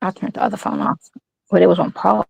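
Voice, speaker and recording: Woman caller, gravelly and hesitant, dry choppy phone audio. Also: mid-range voice, fast, dry recording. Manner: hesitant, many fillers and restarts. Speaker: guest on a live stream call. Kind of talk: casual phone-in chat. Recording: dry phone line cutting in and out.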